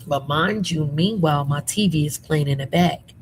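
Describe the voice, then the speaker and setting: Sassy woman spilling commentary, slightly low. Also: normal speed, a little hiss or hum, rough recording. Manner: sassy, animated storytelling with slang. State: under the weather. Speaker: commentary channel host. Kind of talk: casual gossip commentary. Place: her room at home.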